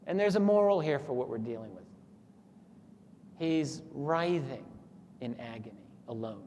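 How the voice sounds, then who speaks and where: A man's voice: mid-range voice, animated, measured pace, a little mellow. A man giving a lecture who retells a story in an earnest way and acts out the quoted thoughts. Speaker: speaker at a talk. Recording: echoey hall with faint noise.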